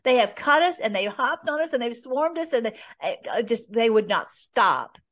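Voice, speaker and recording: A woman's voice: fairly high pitch, lively intonation, normal speed, a bit bright. A woman hosting a conversational Bible teaching, reading scripture aloud and commenting earnestly with many fillers. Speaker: host.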